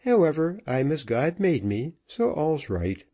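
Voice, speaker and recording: A man's voice: on the high side, sing-song, a little slow, warm tone, pitched above the performer's own voice. A man reading a novel aloud, voicing a good-humoured, easygoing fiddler. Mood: cheerful. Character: cheerful homely man, a fiddler.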